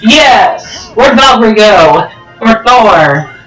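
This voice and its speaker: A man giving chatty, excitable let's-play commentary over a video game, sometimes pleading and whiny. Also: sits high, slow pace, distant mic. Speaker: gaming YouTuber. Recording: echoey room with game music behind. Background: game music.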